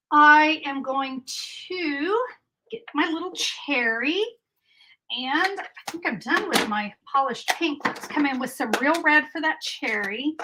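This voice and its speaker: A woman's voice: sits high, sharp tone, low-quality recording. A middle-aged woman giving a chatty, upbeat live card-making tutorial and answering viewer comments as she goes.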